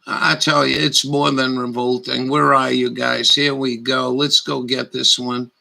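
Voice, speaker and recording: A man's voice: medium pitch, little pitch movement, measured pace, vocal fry, pushed and bright, poor audio. A man giving scornful, profane live commentary over news footage, rambling as he goes. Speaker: livestream commentator.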